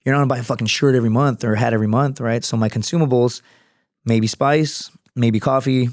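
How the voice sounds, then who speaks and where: A man's voice: mid-range voice, steady tone, fast, no echo, studio quality. A man talking as a podcast guest, in a casual, profane, storytelling manner. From United States. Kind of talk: casual interview chat.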